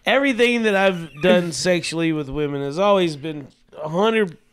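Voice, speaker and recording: High, bright-voiced laughing male comedian. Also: smooth. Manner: laughs often, playful and quick to protest. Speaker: comedian guest. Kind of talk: casual comedian podcast chat.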